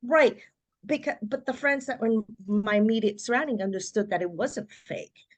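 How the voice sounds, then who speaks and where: A middle-aged woman, a podcast guest, telling her personal story in a lively way and acting out what other people said. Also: on the high side, moderate pace. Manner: animated storyteller who acts out quoted voices.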